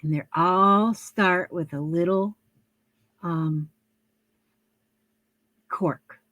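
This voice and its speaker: A woman's voice: lowish voice, extremely slow, a bit bright, dry recording, lo-fi sound. Older woman chatting about her crafts. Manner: rambling, homey, with fillers and self-corrections. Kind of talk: casual chat to camera. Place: her craft area at home, indoors.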